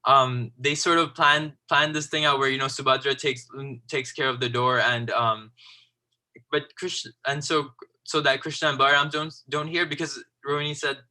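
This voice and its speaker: Bright-voiced man telling a story. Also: medium pitch, level tone. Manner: halting, full of "like" and "you know" fillers; quotes the story's figures in their own words. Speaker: speaker at a temple class. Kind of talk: casual retelling of a devotional story.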